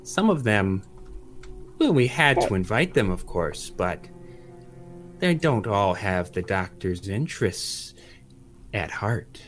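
A man's voice: fairly low pitch, very animated, slow, long pauses, soft background music, pitched below the performer's own voice. A man voicing a chatty, fretful woman who hosts guests at a manor in a tabletop game. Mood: gushing, fretful. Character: fussy, gushing woman hostess of a manor.

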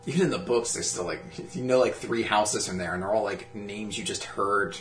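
A man's voice: fairly low pitch, a little fast, soft background music. A man co-hosting a podcast in casual chat, telling stories animatedly with lots of swearing and laughing. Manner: animated, profane, laughing storyteller. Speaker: podcast co-host. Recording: echoey room with faint hum.

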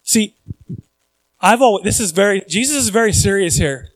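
High-voiced animated male preacher. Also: normal speed, no room sound, rough recording. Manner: animated, conversational preaching with jokes and audience questions. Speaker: pastor. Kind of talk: sermon.

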